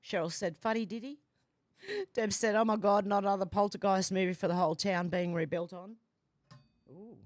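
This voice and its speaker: A woman's voice: mid-range voice, fairly even intonation, moderate pace, dry recording. Woman, livestream host, reading chat comments aloud, amused chatty delivery, dry close sound. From Australia. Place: home, doors and windows open.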